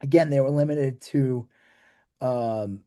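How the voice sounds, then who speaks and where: A man's voice: mid-range voice, takes it slowly, dark tone. A man co-hosting a podcast, chatting loosely about a movie, swearing casually and trailing off mid-sentence. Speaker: podcast co-host.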